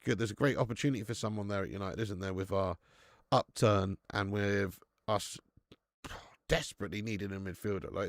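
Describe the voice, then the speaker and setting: A man's voice: on the low side, gravelly, no room sound, studio quality. Matey man with a Dorset accent. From Dorset, England. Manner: chatty and matey, calls viewers "lad" and "mate"; swears freely and laughs often. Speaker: football watch-along host. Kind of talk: casual live commentary and chat reading.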